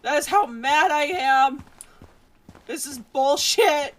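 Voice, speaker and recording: A young woman streamer chatting with her viewers, mock-angry and exasperated, her voice hoarse and cracking from yelling. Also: high-pitched, slow. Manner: mock-angry, exasperated, laughing rants at chat. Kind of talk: casual live-stream chat with viewers.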